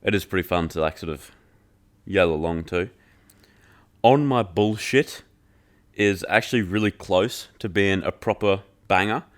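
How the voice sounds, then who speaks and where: A man's voice: deep voice, unhurried, long pauses. A man hosting a podcast and reviewing an album in casual chat, loose and joking, leaning on "like" and swearing freely.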